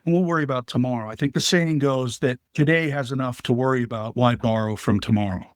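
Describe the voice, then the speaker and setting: A man at an ordinary mid pitch answers interview questions steadily, building his points through vivid everyday analogies. The sound is close and dry, with no room echo. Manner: measured, explanatory, uses vivid analogies. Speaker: guest, business leader and veteran.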